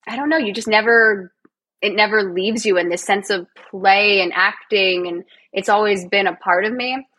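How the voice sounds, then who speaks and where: A woman's voice: medium pitch, a bit bright, breathy edge, dull audio. A woman from Canada, a guest on an interview podcast, chatting in a bubbly, self-deprecating way and laughing often. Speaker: guest, physiotherapist and actor. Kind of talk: casual interview chat.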